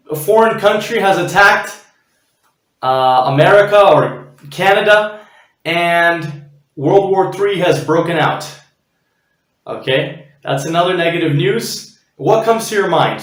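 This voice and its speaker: Man, vlog host, chatty motivational talk, high voice for a man, very echoey room. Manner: chatty, frequent "okay?" and "right?" check-ins. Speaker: channel host.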